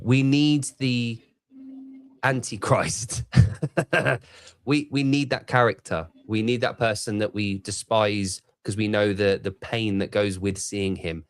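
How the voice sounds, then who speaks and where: A man's voice: lowish voice, takes it slowly, clean tone, dry recording, studio quality. Rambling man chatting casually. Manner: rambling, laughs often, many restarts. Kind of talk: casual chat.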